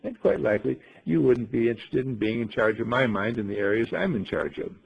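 A man's voice: mid-range voice, expressive, a little fast, creaky, dull audio. A man doing a wise, lofty talking bird. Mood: lecturing. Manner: patient, lecturing.

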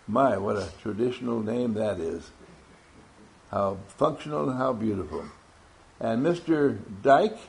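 Brief: gravelly-voiced man at mid pitch, a playful workshop leader doing roll call. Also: animated. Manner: playful and teasing, drawn-out names. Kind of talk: classroom talk to a group.

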